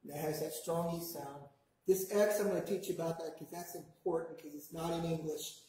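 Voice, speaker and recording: A man teaching a language class, patiently modelling words slowly for the class to repeat back. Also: fairly high pitch, fairly even intonation, warm tone. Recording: very echoey classroom.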